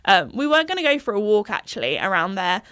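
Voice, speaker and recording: A woman's voice: mid-range voice, big pitch swings, quick pace, a bit bright. A young woman hosting a podcast, chatting casually in a rambling way and laughing often. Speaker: podcast host. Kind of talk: casual chat.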